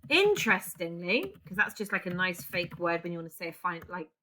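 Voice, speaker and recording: A woman teaches an English lesson, working through an example answer aloud. Her voice is bright and crisp, and she thinks out loud as she types. Keyboard clicks run under her speech. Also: lowish voice, flat delivery, quick pace. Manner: talks while typing, thinking aloud. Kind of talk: recorded exam-writing lesson.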